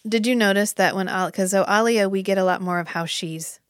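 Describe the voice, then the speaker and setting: Chatty opinionated woman, swears a bit, mid pitch, dry close sound. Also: brisk, no room sound. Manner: opinionated, animated, swears casually. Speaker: podcast co-host. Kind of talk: casual chat.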